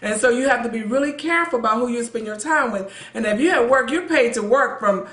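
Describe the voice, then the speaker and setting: A woman's voice: on the high side, fast, a bit bright. A woman, a pastor's wife and co-host, chatting earnestly about marriage and telling personal stories, often repeating words as she talks. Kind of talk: conversational storytelling. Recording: echoey room.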